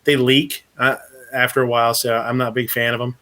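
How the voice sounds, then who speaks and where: A man hosting a loose live chat, telling a long rambling story. He swears freely, laughs often, and talks at a medium pitch. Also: flat delivery, fairly quick, pushed and bright. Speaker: podcast host. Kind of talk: casual chat.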